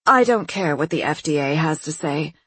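A woman voicing an eccentric, irresponsible female psychiatrist who makes breezy, pompous pronouncements in a husky voice. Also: sits low, animated, normal speed, fairly bright tone, no room sound, exaggerated voice.

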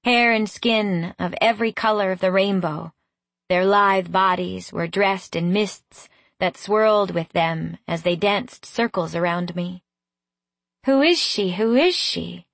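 A woman narrates a first-person fantasy tale at a slow, unhurried pace. Her reading is gently expressive and even. The recording is dry and close, with no room sound. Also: fairly low pitch, gravelly, no room sound. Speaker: audiobook narrator.

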